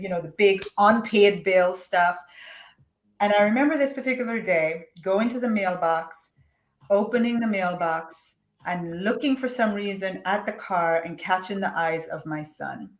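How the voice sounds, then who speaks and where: A woman's voice: mid-range voice, unhurried. A middle-aged woman guest telling her personal story candidly, acting out what she once said to herself. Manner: candid and animated, acts out her own past words. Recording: roomy echo.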